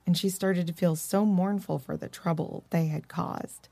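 A woman narrating a children's story in a gentle, expressive reading voice. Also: on the low side, normal speed, vocal fry, few pauses, no echo. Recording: dry close-mic recording.

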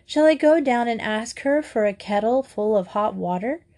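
A woman voicing a lively, excitable schoolgirl who talks quickly. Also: on the high side, pitched above the performer's own voice. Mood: excited. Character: lively, flustered schoolgirl Grizel.

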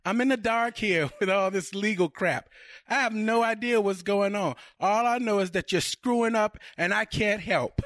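A man's voice: a bit bright, dry recording, clean studio sound. A man reading the part of an anxious, exasperated woman fiancée in a comedic scene reenactment. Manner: high, fast, pleading complaints.

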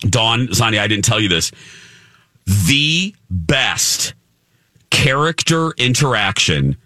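A man co-hosting a podcast, chatting casually and telling a lively story. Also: lowish voice, slow pace, no room sound, clean studio sound. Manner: animated storyteller. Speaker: podcast co-host. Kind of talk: casual chat.

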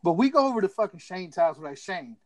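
A man's voice: high voice, very animated, fast, low-quality recording. A man casually telling a rowdy story to friends, laughing often and acting out what others said. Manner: laughs through his story, acts out friends' lines.

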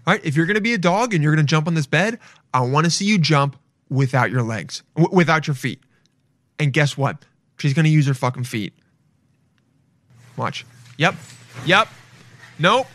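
A man's voice: on the high side, animated, moderate pace, long pauses, fairly bright tone, no room sound. A young man giving crude, blunt, casual commentary as he reacts to videos, swearing freely.

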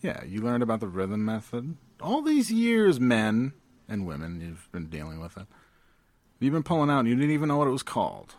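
A man's voice: mid-range voice, sing-song, normal speed, a little mellow, no room sound. A man co-hosting a podcast in casual comedic chat, riffing and slipping into goofy voices. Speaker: podcast co-host.

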